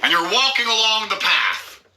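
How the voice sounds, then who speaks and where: A man's voice: high voice, big pitch swings, normal speed, bright, forceful tone, a little hiss or hum, rough recording. A man co-hosting a comedy podcast, ranting in a mock-serious, sweary way. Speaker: podcast co-host.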